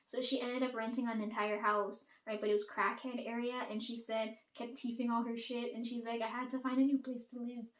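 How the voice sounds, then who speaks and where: A young woman rambles through a casual storytime, swearing freely and quoting what others said to her. Her voice sits a little high and carries a roomy echo. She is some distance from the mic. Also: little pitch movement, a little fast, few pauses, a bit bright.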